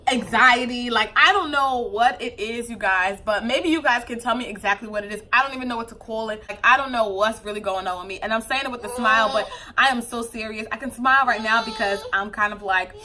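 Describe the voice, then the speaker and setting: A young woman vlogging as a new mom, chatting casually to camera with a loose, animated flow and many fillers. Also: a little high, a little fast, few pauses.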